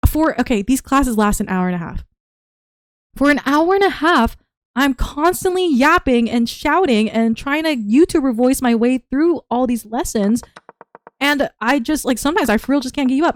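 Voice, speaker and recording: A young woman, a part-time teacher, rants in a rambling, animated way, with her voice worn from shouting. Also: sits high, normal speed, dry recording, clean studio sound. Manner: rambling, animated storytelling with acted-out quotes. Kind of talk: casual ranting vlog.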